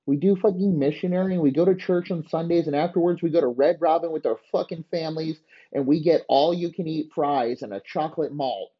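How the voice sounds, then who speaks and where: A man's voice: on the high side, fairly quick, slightly rough, lo-fi sound, voice pushed up. A man voicing a prim young Southern debutante woman who lectures in a raised voice.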